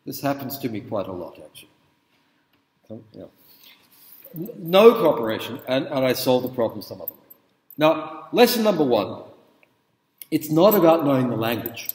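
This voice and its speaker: A middle-aged male lecturer speaks casually at a mid pitch and keeps asking the room "okay?" as he tells stories. His voice carries a long hall reverb that rings around a big lecture room. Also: big pitch swings, normal speed, long pauses, darkish tone. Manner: informal, checks in with the audience. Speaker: university lecturer. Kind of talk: conversational lecture with anecdotes.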